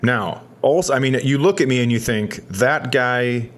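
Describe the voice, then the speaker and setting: A man co-hosting a podcast, telling a rambling comic story with self-mocking asides and deadpan punchlines. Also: mid-range voice, fairly quick.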